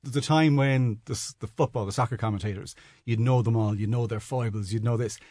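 A man, a sports broadcaster on a radio panel, talking haltingly with stammers and restarts. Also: medium pitch, a little mellow, no room sound, clean studio sound. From Dublin, Ireland.

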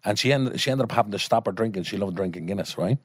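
An Irish man in casual conversation with a low voice. He tells a story with swearing and quick put-on voices. The recording is dry and close. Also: husky, no room sound. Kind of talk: casual anecdote.

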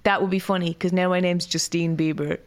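A woman's voice: fairly low pitch, little pitch movement, fairly quick. Giggly woman in casual banter. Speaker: podcast co-host. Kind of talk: casual comedy chat. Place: studio.

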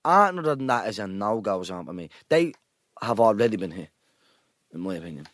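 Lively young Irish man, loose banter. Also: lowish voice, brisk, no echo, clean studio sound. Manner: loose, joking, rambling. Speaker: podcast co-host. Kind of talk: casual chat.

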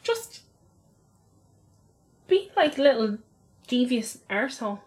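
A woman's voice: fairly high pitch, big pitch swings, slow, a little mellow. A young woman co-hosting a podcast, chatting casually and telling stories with trailing fillers. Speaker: podcast co-host. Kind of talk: casual chat.

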